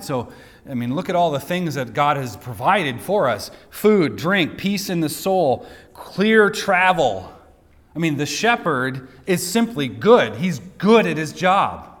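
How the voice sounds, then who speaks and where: A man's voice: fairly high pitch, a bit bright. Male pastor mid-sermon, conversational teaching with asides, long hall reverb. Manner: teaching, with light asides and repeated words.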